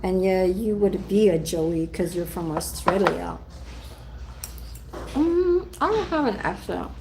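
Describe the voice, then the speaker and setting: Middle-aged woman, livestream host, slow and chatty, fillers throughout, phone mic. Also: medium pitch, animated, background noise. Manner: chatty, reads out viewer comments, many fillers. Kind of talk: casual live chat while eating lunch.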